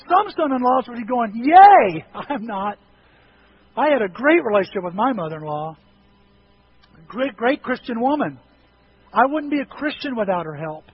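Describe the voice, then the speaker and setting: A middle-aged male pastor preaching a sermon in a church, telling lively stories with self-deprecating humor. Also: sits high, dull audio, a little hiss or hum. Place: church sanctuary.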